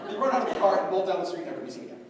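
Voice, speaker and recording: A man's voice: high-pitched, very animated, very fast. A young man telling a stand-up story and acting out voices, recorded from far off in a large school hall. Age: young adult. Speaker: stand-up comedian. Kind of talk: stand-up routine. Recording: echoey hall from far off, faint noise.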